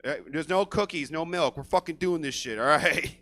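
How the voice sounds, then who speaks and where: Male stand-up comic and emcee, high bright voice, brash crowd work on stage. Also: normal speed. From Stockton, California. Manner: profane, energetic crowd work. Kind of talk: stand-up set. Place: comedy theater stage.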